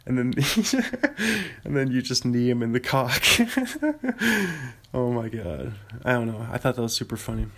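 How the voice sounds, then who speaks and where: A man's voice: mid-range voice, very animated, measured pace, fairly bright tone. A man hosting a podcast, rambling about films in casual chat, often correcting himself and chuckling. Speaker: podcast host.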